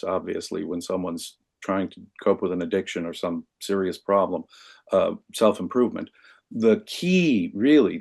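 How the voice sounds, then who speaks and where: A man with a fairly low voice talks as a guest in a relaxed discussion. He argues in an animated, emphatic way and often breaks off and restarts his sentences. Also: gravelly. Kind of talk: conversational discussion.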